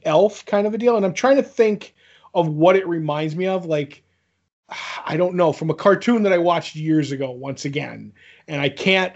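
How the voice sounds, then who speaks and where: A man's voice: high-pitched, darkish tone, dull audio. A man co-hosting a podcast, chatting casually in a joking way with frequent stammered restarts. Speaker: podcast co-host.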